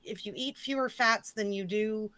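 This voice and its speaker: A woman hosting a casual live stream, chatting loosely and swearing, with jokey shout-outs to her chat. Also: mid-range voice, moderate pace, no room sound. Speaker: stream host.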